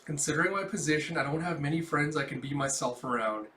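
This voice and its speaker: A man's voice: on the high side, quick pace, pushed and bright, reverberant, a little hiss or hum. A man reading a cool, poised society matron.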